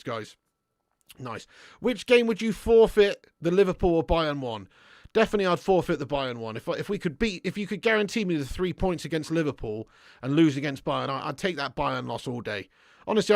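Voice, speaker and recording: A man's voice: fairly high pitch, vocal fry, dry recording, clean studio sound. A man hosting a football fan live stream, chatting casually and reading out viewer comments with blunt, upbeat banter. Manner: blunt banter, loud and upbeat when hyping. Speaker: football fan channel host.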